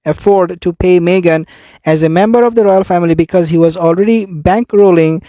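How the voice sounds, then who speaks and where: A man's voice: sits high, fairly quick, warm tone, no echo. A man hosting opinionated commentary on royal news, speaking emphatically and scornfully while reading out quotes from the press.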